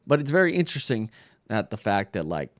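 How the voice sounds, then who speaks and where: A man's voice: lowish voice, big pitch swings, brisk, dry recording, clean studio sound. A young man casually reviewing a manga chapter in a rambling, filler-heavy way. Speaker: YouTube anime reviewer.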